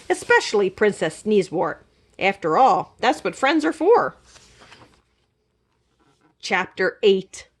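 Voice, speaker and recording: A children's librarian reading a chapter book aloud, her voice swooping up and down with animated expression. She takes it slowly and clearly, in a mid-pitched woman's voice.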